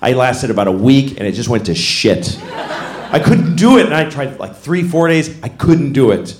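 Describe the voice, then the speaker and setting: A middle-aged man doing a stand-up comedy set, telling stories animatedly and acting out voices with loud bursts. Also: medium pitch, expressive, moderate pace. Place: live comedy stage. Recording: echoey venue with audience noise.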